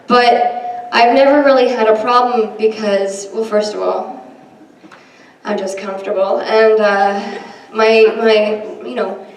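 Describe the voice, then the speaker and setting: A woman's voice: fairly high pitch, fairly even intonation, takes it slowly, distant mic. Young woman doing stand-up in an echoey hall. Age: young adult. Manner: self-deprecating, chatty with many ums. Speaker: stand-up comedian. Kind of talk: stand-up set. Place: large hall with a live audience. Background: audience laughter and room noise.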